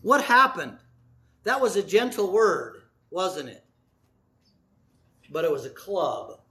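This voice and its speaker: A man preaching a sermon in a high, bright voice. He is middle-aged and tells his story dramatically, acting out the voices in it and dropping from loud cries to hushed, slow lines. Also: big pitch swings. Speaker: pastor.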